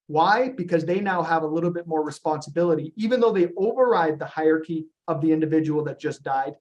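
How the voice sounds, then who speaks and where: A man leading a business presentation on a group call, animated and storytelling, with frequent ums and retold dialogue. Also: a little high, fast talker, muffled recording. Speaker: company founder presenting to agents on a call.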